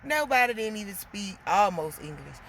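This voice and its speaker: A woman venting in a casual monologue to her viewers, animated and emotional, getting loud as she talks. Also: mid-range voice, normal speed, a little hiss or hum. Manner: gets loud when emotional.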